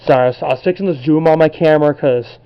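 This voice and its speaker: A young man talking casually to camera as he pages through a yearbook, relaxed and rambling, often unsure how names are pronounced. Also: a little high, rapid-fire, muffled recording, a little hiss or hum. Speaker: collectibles vlogger.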